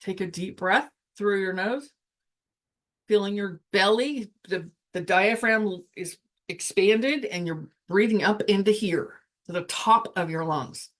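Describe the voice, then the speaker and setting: A woman casually teaching, speaking reflectively and guiding the listener through slow breathing, often trailing off mid-sentence. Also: mid-range voice, fairly bright tone. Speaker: spiritual coach.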